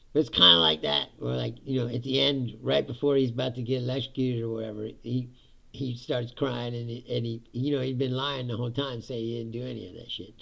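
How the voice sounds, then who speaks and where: Gravelly, profane man ranting casually. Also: medium pitch. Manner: profane, laughs often, animated. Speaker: podcast host. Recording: dull lo-fi sound.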